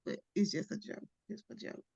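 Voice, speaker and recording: A woman from Mississippi with a Southern accent, a guest author chatting in a lively, casual way with drawling slang and laughter. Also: fairly quick, dry recording. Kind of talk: casual interview chat.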